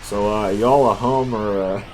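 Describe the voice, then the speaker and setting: A man's voice: fairly low pitch, steady tone, unhurried, darkish tone. A man hosting a casual video game commentary, joking and laughing as he goes. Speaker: host commentator. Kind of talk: casual let's play commentary. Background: game music.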